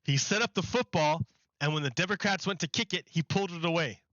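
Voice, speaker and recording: A man's voice: on the high side, quick pace, fairly bright tone, no echo, highs cut off. A man streaming live, rambling through a mocking rant in casual chat and laughing often.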